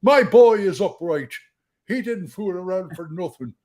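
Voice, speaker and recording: A man's voice: high-pitched, animated, unhurried, a little mellow, pitched above the performer's own voice. A man voicing an indignant Irish dwarf father with an Irish accent, defensive.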